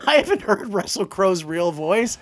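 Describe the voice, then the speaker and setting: A man co-hosting a movie-review podcast in casual banter, animated and jokey, laughing often. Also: sits high, normal speed. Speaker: podcast co-host.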